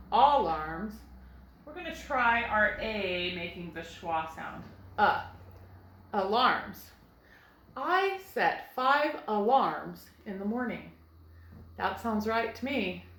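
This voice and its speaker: A woman teacher leads a phonics lesson for first graders. Her voice is bright and a little high, and she moves slowly and patiently through each sound. The recording has a noticeably echoey room. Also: very animated, a little hiss or hum. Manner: slow, patient, sounding words out.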